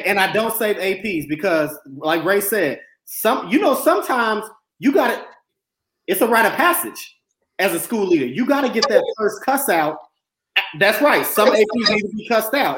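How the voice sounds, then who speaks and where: A school leader in their thirties co-hosts a casual podcast, talking bluntly with a joking edge. Their voice sits at a middle pitch and carries audible room echo. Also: a bit bright. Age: 30s. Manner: blunt and joking, with repeated short phrases. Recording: echoey room.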